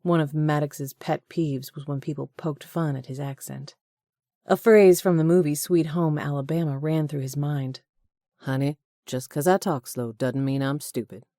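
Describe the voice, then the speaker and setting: A woman narrating a romance audiobook in a measured, even storytelling manner. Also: low voice, dry recording, studio quality. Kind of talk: scripted narration.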